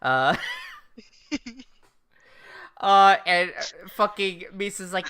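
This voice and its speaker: A young woman co-hosting a casual anime recap podcast, summarizing episodes with deadpan jokes and frequent swearing. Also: medium pitch, extremely slow, pauses often, clean tone. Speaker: podcast co-host.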